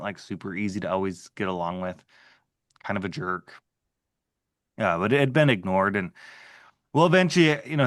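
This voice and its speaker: A man with a fairly low voice tells a story from his working life in a loose, conversational way. He leans on "like" and trails into restarts as he talks, and his voice sits dry and close with no room around it. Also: no room sound. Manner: conversational, filler-heavy with frequent "like". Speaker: interview guest, former HR manager. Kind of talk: casual storytelling.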